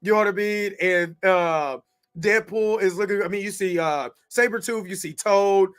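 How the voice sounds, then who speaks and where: A man hosting a casual movie review chat, animated and laughing often as he acts out scenes. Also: high-pitched, normal speed, clean tone. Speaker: host.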